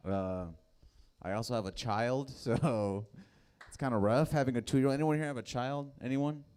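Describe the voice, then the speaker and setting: A man's voice: medium pitch, moderate pace, darkish tone, smooth. A man doing a laid-back, self-mocking stand-up set in a bar, giggling between jokes. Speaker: stand-up comic. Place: comedy bar, live audience.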